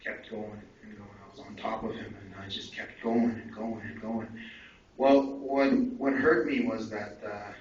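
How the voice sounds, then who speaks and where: A young man telling his life story at a conference, candid and animated, with asides to the audience. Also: on the low side, measured pace. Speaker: conference speaker. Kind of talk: personal story told to an audience. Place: conference hall. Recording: echoey hall from far off, dull and faintly noisy.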